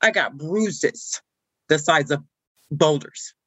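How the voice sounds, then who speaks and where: A woman's voice: low-pitched, slow, husky, no room sound, heavily acted. A woman performing a comic monologue as a frazzled woman stuck watching a wild puppy, telling it with indignant exclamations. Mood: exasperated.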